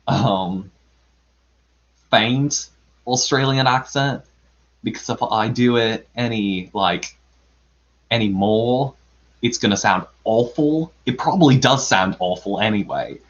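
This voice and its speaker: A man at a home computer microphone, talking his way through a live stream at an unhurried, drawn-out pace. He rambles as he narrates whatever he is doing on screen and pokes fun at himself. The audio is dull and lo-fi. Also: fairly low pitch, a bit bright. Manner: self-deprecating, chuckles often. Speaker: live storybook reader. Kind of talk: casual livestream chat.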